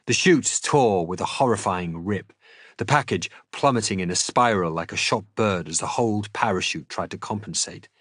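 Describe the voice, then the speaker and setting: A man reading a novel aloud in an expressive, dramatic audiobook style as a streamer. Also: lowish voice, normal speed, slightly rough, dry recording, clean studio sound.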